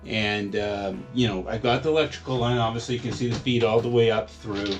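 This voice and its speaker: Narrating as he works on a home project, this DIY vlogger rambles casually, leans on fillers and thinks out loud, occasionally getting slightly out of breath. His fairly low voice is steady and fairly quick, with faint music in the background.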